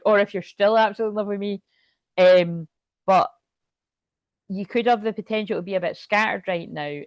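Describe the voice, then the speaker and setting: A woman giving a casual tarot reading to camera, chatty and excitable, thinking aloud and swearing freely. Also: mid-range voice, dry recording. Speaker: tarot reader.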